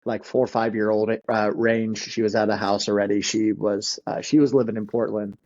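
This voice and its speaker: Male guest in his 30s, mellow tone, laughs through his stories, dull recording. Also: lowish voice, a little fast. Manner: laughs often, animated when telling stories. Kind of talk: casual storytelling.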